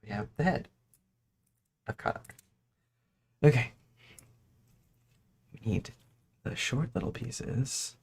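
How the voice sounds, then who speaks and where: Male streamer, gravelly and soft-spoken, chewing gum, giggly casual chat while building. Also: mid-range voice, takes it slowly, long pauses, slight background noise. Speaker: host.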